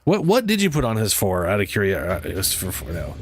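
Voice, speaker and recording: A man's voice: fairly low pitch, huge pitch swings, quick pace, background noise. A man streaming a game in casual chat, sleep-deprived and rambling, cursing now and then.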